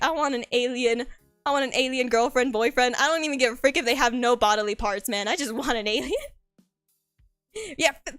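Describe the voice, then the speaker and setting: A woman's voice: sits high, a bit bright, no room sound, clean studio sound. A young woman streamer in casual chat, rambling playfully and laughing often.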